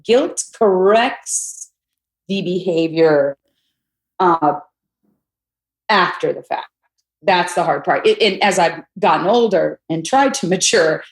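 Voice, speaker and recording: A middle-aged woman on a podcast as a guest, telling candid stories in a blunt, animated way and acting out what people said. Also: on the low side. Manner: animated, blunt, swears, acts out quotes. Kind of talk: candid storytelling chat. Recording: echoey room.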